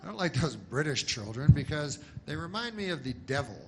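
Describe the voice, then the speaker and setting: A man doing rambling stand-up comedy in a deadpan, meandering way. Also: on the high side, noisy background. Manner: deadpan, meandering, slow-burn.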